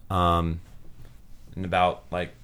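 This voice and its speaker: A young man narrating as game master of a tabletop game, relaxed and halting, with many fillers. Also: sits low, clear, resonant tone.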